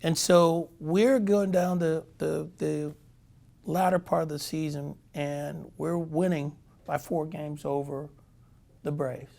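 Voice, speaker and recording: A man in his sixties, a former pitcher, telling a lively anecdote as a guest. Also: slow, creaky. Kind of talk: storytelling anecdote.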